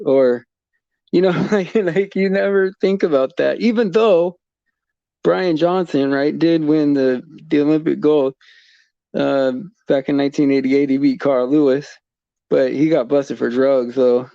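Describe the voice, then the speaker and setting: A man's voice: fairly high pitch, moderate pace, vocal fry, warm tone, dry recording. A man from the United States rambling in casual livestream chat, full of fillers and restarts and chuckling often. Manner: chuckles often while talking. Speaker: livestream host. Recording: dull lo-fi sound.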